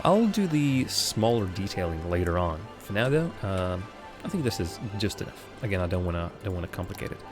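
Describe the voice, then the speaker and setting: A man with a voice on the low side streams a city-building game live, giving casual commentary. He thinks aloud with lots of fillers and pokes fun at his own mistakes.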